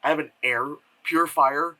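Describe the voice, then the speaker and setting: A man's voice: on the high side, fairly even intonation, moderate pace, sharp tone, rough recording. A man giving a casual spoken film review from home, rambling with lots of fillers and acting out quotes in mocking voices. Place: home room with air purifier hum.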